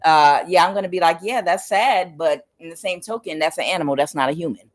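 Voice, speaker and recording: Frank, animated woman tarot reader. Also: low voice, fast talker. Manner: animated, frank and profane, laughs often, acts out quotes. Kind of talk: casual storytelling to camera.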